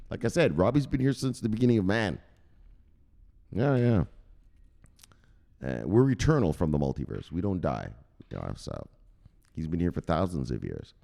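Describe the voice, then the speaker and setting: Low, gravelly male host, very animated delivery, profane comic storyteller. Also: unhurried, long pauses. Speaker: crypto news host.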